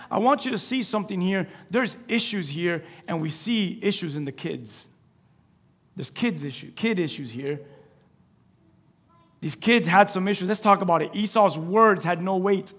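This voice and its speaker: A male pastor with a high voice delivers an unhurried sermon full of lively storytelling, acting out each character in the scripture. He swings between loud, excited exclamations and quiet, hushed asides.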